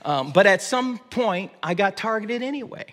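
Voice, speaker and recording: High-voiced man preaching in church reverb. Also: lively intonation, moderate pace, fairly bright tone. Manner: preaching with repeated restarts. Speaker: pastor. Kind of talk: sermon. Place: church sanctuary.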